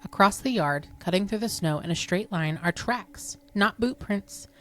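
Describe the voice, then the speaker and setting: A woman co-hosting a podcast, reading a spooky story in a hushed, suspenseful way. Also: mid-range voice, lively intonation, normal speed. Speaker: podcast co-host. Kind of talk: reading spooky stories aloud.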